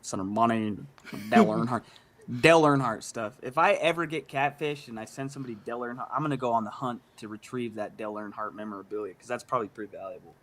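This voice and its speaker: A man's voice: mid-range voice, quick pace, hardly any pauses, fairly bright tone. Laid-back man rambling as a guest. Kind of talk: casual commentary chat.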